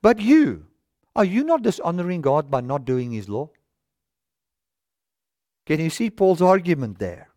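A man's voice: a little high, sing-song, unhurried, long pauses, darkish tone, no echo. A man preaching a sermon from a studio stage, reading scripture aloud and reasoning through it with rhetorical questions.

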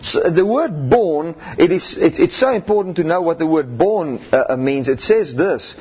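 Male preacher, animated sermon, husky voice, dull lo-fi sound. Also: fairly high pitch, moderate pace. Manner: emphatic, repetitive exclamations of hallelujah and amen. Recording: muffled lo-fi recording.

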